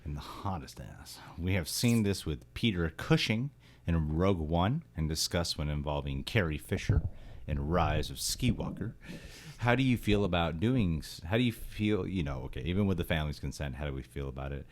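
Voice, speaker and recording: A man's voice: low-pitched, animated, normal speed. A man hosting a casual movie podcast, talking loosely with restarts and frequent laughter. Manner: laughs often, rambling with restarts. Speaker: podcast host.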